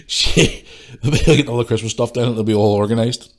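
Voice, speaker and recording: A man's voice: mid-range voice, moderate pace. A man hosting a podcast, ranting bluntly and swearing freely while he has a cold. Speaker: podcast host. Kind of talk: casual ranting monologue.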